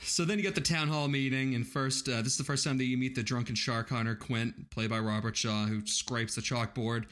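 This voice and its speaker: A man's voice: mid-range voice, fairly even intonation, a little fast, few pauses, a bit bright. A man hosting a casual movie review chat, recapping scenes with profanity.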